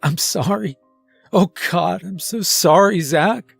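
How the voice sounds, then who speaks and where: A man's voice: high voice, slow, creaky, slightly rough, no echo, soft background music, pitched above the performer's own voice, exaggerated voice. Man voicing a guilt-stricken sobbing intruder, raised and strained. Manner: sobbing, apologetic. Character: panicked remorseful sobbing intruder.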